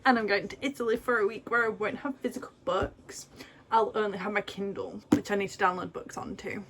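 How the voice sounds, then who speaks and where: A woman's voice: medium pitch, steady tone, fairly quick, background noise. A young British woman chatting casually to camera as a book vlogger, gushing and rambling with asides. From Britain. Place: home, indoors.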